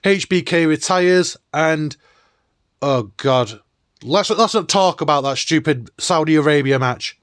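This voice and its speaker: Guy doing an excited nostalgic countdown, smooth clear voice, dry close recording. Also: fairly high pitch, measured pace, no echo. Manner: enthusiastic and chatty. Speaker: host.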